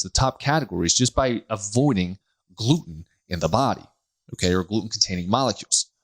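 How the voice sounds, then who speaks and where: Low-voiced male podcast host, lively and jokey, solo monologue. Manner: animated and joking, laughs often, acts out quoted people. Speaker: podcast host, health practitioner.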